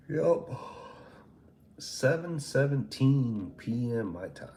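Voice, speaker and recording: A man hosting a livestream in casual chat, laid-back and quick to laugh. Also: fairly low pitch, darkish tone, roomy sound, a little hiss or hum. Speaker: livestream host.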